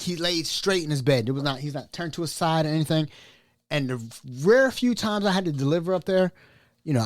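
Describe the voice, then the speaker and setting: A man, a chef, telling colloquial anecdotes in a casual, animated way. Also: fairly high pitch, dry recording, clean studio sound. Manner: animated, colloquial, laughing asides. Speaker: chef, storyteller.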